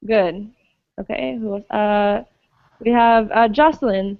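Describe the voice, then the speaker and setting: A woman's voice: mid-range voice, fairly even intonation, takes it slowly, no echo, narrow, tinny audio. A woman teaching an English pronunciation class, patiently explaining and often checking understanding with "okay?".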